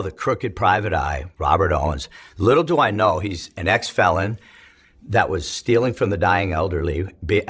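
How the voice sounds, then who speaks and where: Very husky low-voiced man. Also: fairly bright tone. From California. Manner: profane, rambling, fast retelling with many restarts. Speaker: interviewee telling his life story. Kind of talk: casual storytelling.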